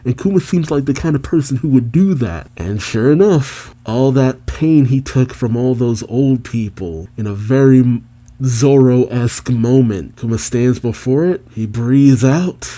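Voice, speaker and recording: A man reads a manga chapter aloud and reacts as he goes, breaking in with his own comments and the odd laugh. His voice is very dark and mellow, and his pitch sits in the middle for a man. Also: measured pace.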